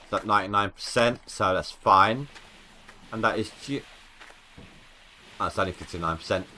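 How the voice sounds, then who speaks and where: In this casual gameplay commentary, a live-streaming man rambles and jokes while thinking aloud about how he's progressing. He speaks at normal speed with a fairly low pitch and sharp tone, over a little hiss or hum.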